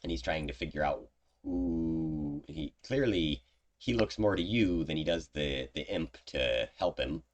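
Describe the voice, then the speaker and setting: A man's voice: rumbling low, measured pace. A man narrating as the game master of a tabletop game, in a loose, chatty way with fillers.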